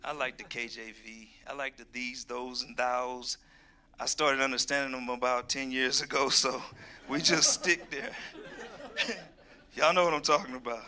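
A man's voice: medium pitch, moderate pace. A middle-aged man preaching a sermon, reading scripture and joking folksily with his congregation. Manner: folksy and animated, reads scripture, jokes with the congregation.

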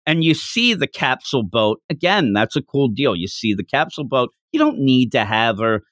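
Male podcast co-host, casual and animated, laughs a lot, dry close mic, mid-pitched voice. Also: moderate pace, no echo. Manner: animated, laughs often, acts out quoted lines in a raised voice. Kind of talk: casual chat reviewing manga.

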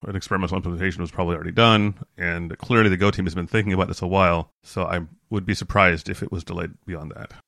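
Gravelly low-voiced man explaining calmly. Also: no echo. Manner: measured, explanatory, dry humor. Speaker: podcast co-host. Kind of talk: casual tech podcast chat.

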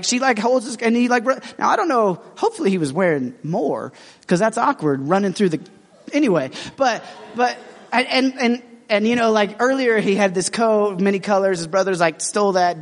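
A man preaching a sermon in a casual, animated storytelling manner, acting out his characters' lines, with lots of fillers and restarts. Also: high voice, in a large hall.

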